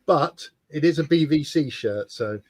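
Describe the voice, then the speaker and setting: A man's voice: on the high side, expressive, unhurried, a little hiss or hum. A man co-hosting a hobby livestream, casually greeting viewers and teasing them as he reads their comments. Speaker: livestream co-host. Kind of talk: casual chat. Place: home studio, on a video call.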